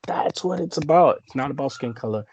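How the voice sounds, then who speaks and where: A man's voice: medium pitch, lively intonation, brisk, a little mellow, slight background noise. A man who is a professional wrestler, speaking as an interview guest in an emphatic, persuasive way and repeating his points. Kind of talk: casual interview chat. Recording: dry, dull lo-fi sound.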